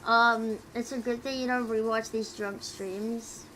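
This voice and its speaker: A tipsy young woman streamer chatting casually with viewers, talking quietly and rambling with giggles close to her mic. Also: a little high, steady tone, a little slow, a little hiss or hum, low-quality recording. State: tipsy from drinking. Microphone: close desk mic.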